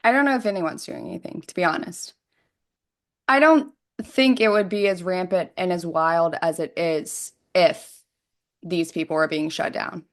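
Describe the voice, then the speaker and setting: A woman's voice: lowish voice, normal speed. A woman guesting on a podcast, answering in short, matter-of-fact remarks. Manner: brief, matter-of-fact replies. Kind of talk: casual podcast chat.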